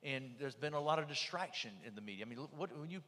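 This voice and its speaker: A man's voice: a little high, lively intonation, fast talker, bright, forceful tone, big-room sound. A man with a Southern US accent telling stories at a panel in a plainspoken, emphatic way. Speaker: panel speaker. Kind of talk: folksy storytelling.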